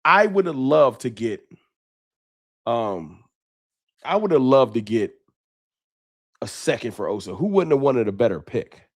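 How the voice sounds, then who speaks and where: A man's voice: medium pitch, sing-song, a little slow, pauses often, no echo, clean studio sound. A man hosting a late-night sports fan livestream, talking off the cuff with emotion and slang. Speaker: sports fan show host.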